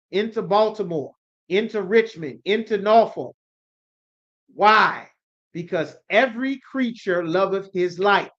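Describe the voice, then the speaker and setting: A man's voice: high-pitched, a bit bright, lo-fi sound. A man teaching a scripture class in an emphatic preaching style, full of rhetorical questions and a repeated "you understand?".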